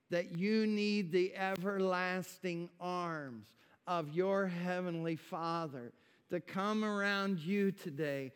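Passionate preacher in a reverberant hall. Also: male voice, sits high, clean tone. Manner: impassioned, voice swelling on quoted words of God. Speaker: pastor. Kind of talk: sermon. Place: church sanctuary.

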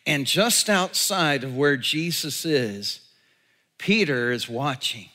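Slow, animated male preacher. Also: a little high. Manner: storytelling, animated, drops to hushed tones. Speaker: pastor. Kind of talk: sermon.

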